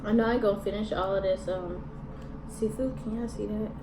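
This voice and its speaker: A woman films a mukbang vlog, eating and talking with her mouth full as she chats casually in slang. Her voice is medium-pitched with fairly even intonation and a brisk pace. It's recorded from a distance in an echoey room with background noise.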